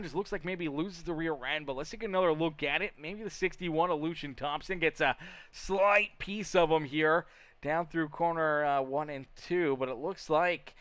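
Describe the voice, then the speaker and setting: A man with a fairly high voice does live commentary for a sim racing league. He moves between calling the cars and bantering with viewers, repeating his own phrases and stumbling over words as he goes. His delivery stays loose and conversational. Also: fairly bright tone, no echo. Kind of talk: live play-by-play commentary mixed with chat replies.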